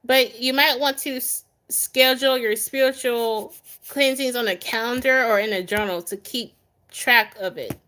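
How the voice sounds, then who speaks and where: A young adult woman with a high, fairly bright voice gives a live tarot reading. She chats with viewers by name in a goofy, easygoing way and laughs often.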